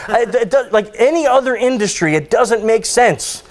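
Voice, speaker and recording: A man's voice: very high-pitched, measured pace. A man giving a conference talk, joking and ranting as he tells stories to the audience. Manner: joking, ranting, animated storytelling. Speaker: conference speaker. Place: conference hall.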